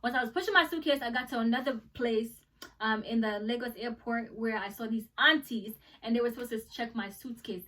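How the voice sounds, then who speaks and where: A young American woman telling a travel story in a casual vlog, animated and acting out the people she met. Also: a little high, brisk, far from the mic. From United States. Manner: animated, acts out voices in the story. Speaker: travel vlogger.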